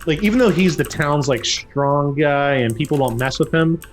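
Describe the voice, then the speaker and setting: A man narrating a tabletop game as game master, who breaks into loud, high voices for the characters. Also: normal speed, soft background music. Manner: lively, acts out characters with loud jumps in pitch.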